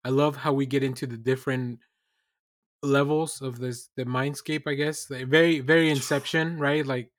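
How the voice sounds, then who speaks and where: A man's voice: medium pitch, fairly even intonation, no echo, studio quality. A man co-hosting a podcast, chatting casually about a TV episode with frequent restarts and fillers. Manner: halting, many restarts and fillers. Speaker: podcast co-host. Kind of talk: casual recap chat.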